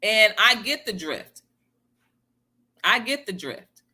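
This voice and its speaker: A woman's voice: medium pitch, expressive, takes it slowly, sharp tone, slightly rough. A woman giving a casual motivational talk, emphatic and repeating her key phrases to viewers. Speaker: motivational speaker.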